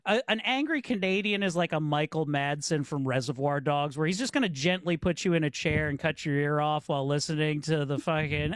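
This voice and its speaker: A man chatting as a podcast guest, joking, swearing and slipping into quick impressions. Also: on the high side, no room sound. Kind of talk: casual podcast chat.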